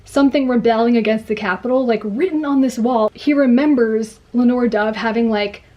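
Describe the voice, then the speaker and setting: A young woman chatting excitedly about a book she read while doing her makeup at home. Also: a little high, a little fast, dull audio. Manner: gushing, excitable storytelling. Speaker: book vlogger. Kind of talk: get-ready-with-me book chat.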